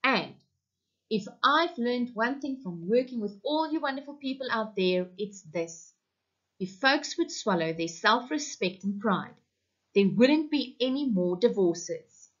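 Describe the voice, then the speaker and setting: A woman's voice: a little high, animated, unhurried, muffled recording. A woman reading aloud the lines of a folksy male late-night radio host who sermonizes on love.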